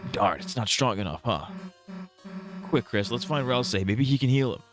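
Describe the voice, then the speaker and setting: A man's voice: mid-range voice, animated, moderate pace, fairly bright tone, faint music behind, pitched above the performer's own voice, close to an everyday voice. Man doing a blunt, tough monster girl. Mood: gruff. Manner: brusque and impatient.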